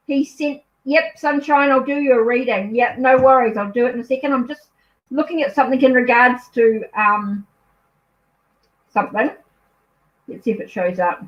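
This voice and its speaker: A chatty woman with a New Zealand accent speaks a little high, rambling and apologizing as she thinks aloud during a casual live stream from home. The sound is dull and lo-fi. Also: fairly bright tone. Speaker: tarot reader hosting a live stream.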